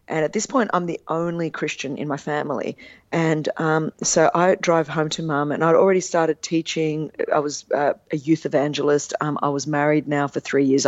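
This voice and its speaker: A woman in her fifties, telling a personal story in an interview. She is earnest and animated, and she acts out the quotes. The sound is dry and a little dull. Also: deep voice, no room sound. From Australia. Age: 50s. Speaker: guest author.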